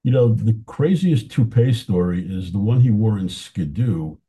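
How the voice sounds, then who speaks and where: A man with a very dark, husky voice talks as an interview guest, sharing anecdotes with real enthusiasm. His pitch swings widely as he tells stories, and he chuckles now and then. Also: animated, moderate pace. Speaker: film historian guest. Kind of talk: casual interview chat.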